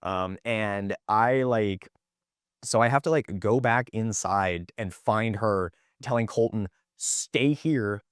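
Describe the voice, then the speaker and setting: A man's voice: fairly low pitch, slow, clean tone, dry recording, studio quality. A young adult man, a podcast guest, telling a story in casual chat, acting out the quoted lines with lots of fillers.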